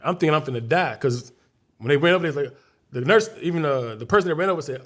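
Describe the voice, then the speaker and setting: A man's voice: a little high, lively intonation, racing, fairly bright tone. Chicago man telling a dramatic story. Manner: vivid, dramatic storyteller who acts out voices and scenes. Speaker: guest comedian. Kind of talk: casual storytelling interview.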